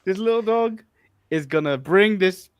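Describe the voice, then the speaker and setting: An English man co-hosting a casual podcast, teasing his co-host with deadpan jokes. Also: high voice, unhurried, clean tone. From England. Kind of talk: casual wrestling podcast chat.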